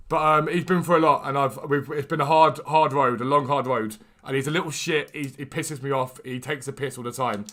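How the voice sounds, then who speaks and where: Bright-voiced, chatty young man. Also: medium pitch. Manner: energetic and chatty. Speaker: game streamer. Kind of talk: casual live-stream talk.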